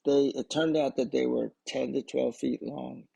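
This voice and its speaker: A man's voice: medium pitch, steady tone, a little slow, gravelly, dark tone, husky, rough recording. An older man telling a personal story in a casual, rambling way, often restarting and adding asides. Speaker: storyteller recording memories for his grandchildren.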